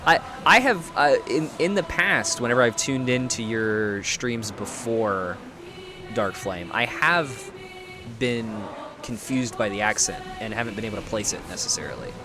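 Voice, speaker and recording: A man's voice: lowish voice, lively intonation, unhurried, music in the background. An American man streaming a video game, thinking aloud and chatting with viewers in a rambling, self-deprecating way with frequent restarts. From United States. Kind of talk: live gameplay commentary, chatting with viewers.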